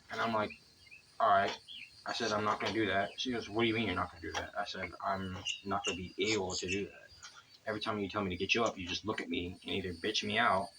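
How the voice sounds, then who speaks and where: A man's voice: lowish voice, background noise. A young man telling a long rambling story in a casual vlog, cursing freely as he talks. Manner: rambling, profane, chatty. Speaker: vlogger. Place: outdoors by the water.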